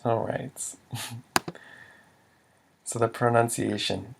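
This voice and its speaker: Guy walking through language tone rules, slow and gravelly, voice goes up loud on the example words. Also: on the low side, steady tone, slight background noise. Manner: slow and methodical, says Lao example words louder. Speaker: language teacher. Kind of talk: screen-recorded tutorial explanation.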